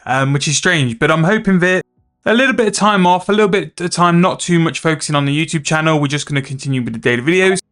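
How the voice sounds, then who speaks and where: A man's voice: a little high, a bit bright. A man chatting casually and rambling about his game progress as a gaming video host. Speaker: gaming YouTuber.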